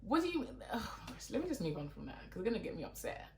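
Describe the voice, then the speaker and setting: Very animated and talking rapid-fire, this young woman from London has a mid-range, darkish voice. She's a YouTuber venting casually to camera, exasperated and chatty, with "like" peppered everywhere, and the room echoes around her.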